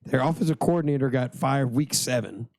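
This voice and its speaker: A hoarse man co-hosting a podcast, chatting about sports in a rambling, crude, jokey way. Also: mid-range voice, fairly quick, darkish tone, no room sound. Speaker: podcast co-host. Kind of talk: casual sports chat.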